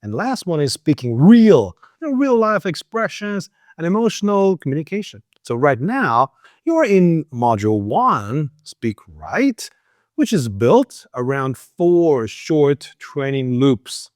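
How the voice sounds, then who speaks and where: A man who is not a native English speaker, teaching English pronunciation in a lively, coaching way with many fillers. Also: fairly high pitch, slow pace, no echo, studio quality. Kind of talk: pronunciation lesson.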